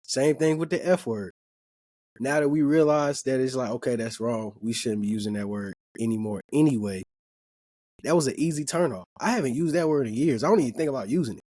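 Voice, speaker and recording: A man in a casual group discussion, relaxed and frank, laughing often and swearing freely. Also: medium pitch, fairly quick, no echo, studio quality. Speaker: podcast co-host.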